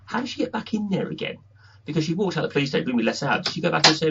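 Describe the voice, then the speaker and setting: A man co-hosting a podcast, reviewing an episode in a rambling, halting way. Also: on the high side, very animated, creaky, lo-fi sound, heavy background noise. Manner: rambling, halting, restarts a lot. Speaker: podcast co-host. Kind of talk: casual review chat.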